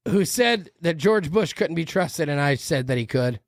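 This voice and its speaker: A woman's voice: low voice, expressive, moderate pace, hardly any pauses, no echo, clean studio sound. A woman hosting a podcast, reacting to a video in a heated, profane rant. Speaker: podcast host. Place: podcast room.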